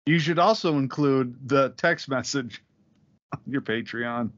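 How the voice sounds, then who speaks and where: A man's voice: mid-range voice, a little slow, a bit bright, no echo, lo-fi sound. A man co-hosting a comedy podcast over a call, bickering back in defensive, exasperated, crude banter. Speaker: podcast co-host. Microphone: remote call mic.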